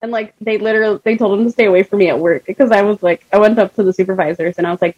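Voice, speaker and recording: A young woman co-hosting a podcast, telling stories in profane, animated casual chat. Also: mid-range voice, very fast, hardly any pauses, breathy edge, dry recording, muffled recording. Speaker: podcast co-host.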